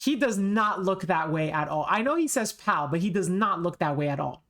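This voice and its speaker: With a fairly low, expressive voice and a fairly bright tone, a woman streamer talks at normal speed while playing a game live. Her casual commentary is self-deprecating, and she keeps restarting what she's saying.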